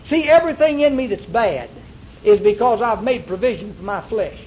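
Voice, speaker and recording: A man's voice: high voice, lively intonation, normal speed, darkish tone, highs cut off, slight background noise. A male pastor preaching a sermon to a congregation, with emphatic repetition and rhetorical questions. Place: church before a congregation.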